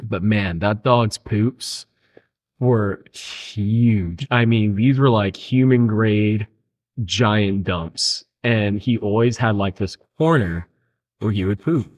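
A man's voice: on the low side, takes it slowly. A young man hosting a podcast, telling laid-back stories with a friend and saying "dude" a lot. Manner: laid-back storytelling, says "dude" often. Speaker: podcast host. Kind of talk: casual chat.

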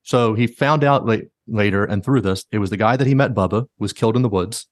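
He's a podcast host with a lowish voice and a brisk delivery, retelling stories in an animated, casual way and relying heavily on the word "like." The sound is clean studio quality with no room sound.

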